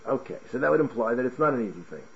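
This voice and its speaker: A man teaching a Talmud class in an animated way, firing off rhetorical questions and restarting his words. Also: medium pitch, rapid-fire, gravelly, muffled recording. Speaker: Torah teacher.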